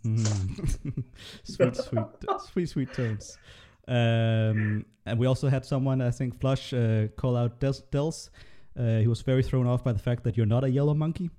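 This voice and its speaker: A man's voice: medium pitch, fairly even intonation, normal speed, dark tone. A man hosting a casual panel discussion, chatty and full of fillers, his voice run through a voice changer. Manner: chatty, frequent fillers and laughs. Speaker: podcast host.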